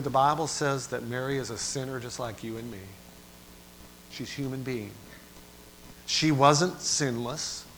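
A man preaching a sermon, moving from quiet, low passages to loud, dramatic cries. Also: a little hiss or hum. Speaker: pastor.

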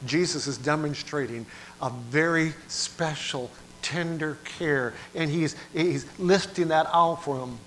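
A man preaching with a bright, forceful voice that sits a little high for a man. He swings between hushed, low lines and loud, dramatic cries. Faint noise hums behind him. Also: unhurried. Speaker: pastor. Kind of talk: sermon.

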